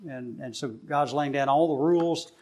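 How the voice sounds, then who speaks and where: A man's voice: mid-range voice, normal speed, darkish tone. A middle-aged man leading a casual group Bible study, teaching in a plain, conversational way with frequent fillers and restarts.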